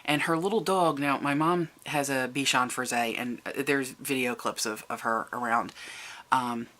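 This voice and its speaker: A vlogger telling a personal family story to the camera, halting and restarting, and lifting the voice to act out quoted people. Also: mid-range voice, fairly even intonation, sharp tone. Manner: recounts events, raising the voice for quoted people.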